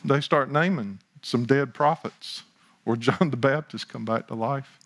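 A man preaching a sermon as pastor, building to slow, emphatic lines, with chatty asides and talk of himself in the third person. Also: medium pitch, fairly bright tone.

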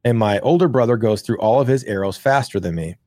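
A podcast co-host who grew up in the countryside talks quickly in a fairly low voice, recorded studio-clean with no room sound. In casual chat he tells rambling, profane, animated stories from his country childhood.

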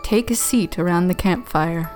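Spooky campfire teller, a woman putting it on, slow theatrical intro over faint music. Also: fairly low pitch, a little mellow, natural voice. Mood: eerie. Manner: slow, drawn-out theatrical delivery. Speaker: podcast host reading the intro. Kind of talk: spooky scripted show intro. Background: chime and glockenspiel music.

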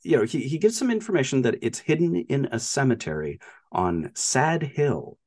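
A man's voice: medium pitch, moderate pace, no echo. Guy on a film podcast rambling through plot, very dry sound, voice all over the place. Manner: animated retelling with frequent laughs and fillers. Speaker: podcast co-host. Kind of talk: casual movie discussion.

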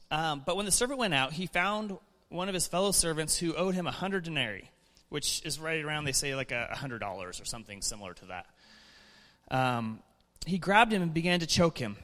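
A man preaching a sermon in a relaxed, conversational way, chuckling and restarting his sentences as he reads and explains scripture in church. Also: a little high, a little fast, long reverb tail.

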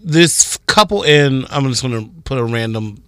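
A man co-hosting a morning radio show, telling stories in an animated way and acting out other people's voices. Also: medium pitch, normal speed, clear, resonant tone, dry recording, studio quality. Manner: animated storytelling, acts out quoted voices. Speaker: radio co-host. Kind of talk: casual morning radio chat.

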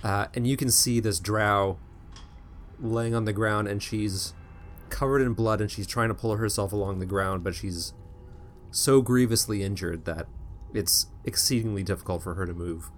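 A man's voice: lowish voice, moderate pace, a little hiss or hum. A man narrating as game master of a tabletop game, describing scenes in an easygoing way with joking asides.

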